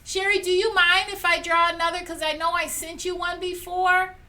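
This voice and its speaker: High-voiced woman chatting on a live stream. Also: little pitch movement, moderate pace, bright, forceful tone. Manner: chatty and cheerful, laughs often, talks straight to viewers. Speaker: host of a live painting stream. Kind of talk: casual live-stream chat, running a prize drawing. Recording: a little distant from the mic, faint room noise.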